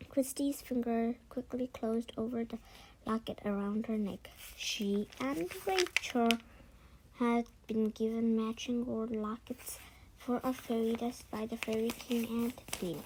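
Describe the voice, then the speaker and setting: Woman narrator reading a kids' book, slow and self-correcting. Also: fairly high pitch, darkish tone, slight background noise, rough recording. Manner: unhurried, with frequent slips and self-corrections. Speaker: read-aloud narrator. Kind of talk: reading a children's book aloud.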